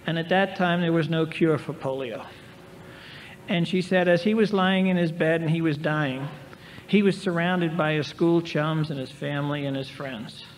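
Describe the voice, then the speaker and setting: A man's voice: on the high side, normal speed. A man in his sixties telling stories with wry, self-mocking humor as a speaker at a recovery meeting, recorded in a large convention hall. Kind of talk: storytelling speaker talk. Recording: reverberant 1990s hall tape with faint hiss.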